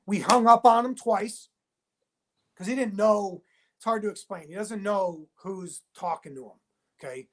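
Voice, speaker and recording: A high-pitched man speaks as a whistleblowing TV producer in a heated, phone-style interview. He's emphatic and insistent, talking in rapid bursts and repeating himself.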